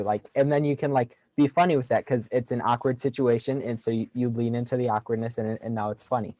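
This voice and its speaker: A man's voice: medium pitch, steady tone, a little fast, few pauses, dark tone, no echo, poor audio. A young man giving a casual sales training talk on a video call, upbeat and jokey, acting out phone lines as he explains them.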